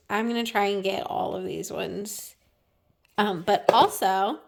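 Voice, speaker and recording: A woman's voice: medium pitch, brisk, gravelly. A woman hosting a casual vlog, chatting to viewers in a rambling, friendly way and calling them y'all and guys. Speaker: vlog host. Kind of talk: casual vlog chat to camera.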